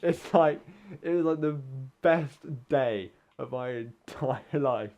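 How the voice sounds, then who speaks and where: A man from the UK casually telling a long story, swearing often, laughing mid-sentence and acting out shouted quotes. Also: medium pitch, slow pace, lo-fi sound. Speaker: gaming podcast co-host telling a story.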